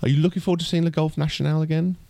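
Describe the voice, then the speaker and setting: A man's voice: fairly high pitch, steady tone, racing, creaky, mellow, no room sound. A man co-hosting a casual podcast chat, rambling with lots of restarts. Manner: chatty, lots of fillers and restarts. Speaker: podcast co-host.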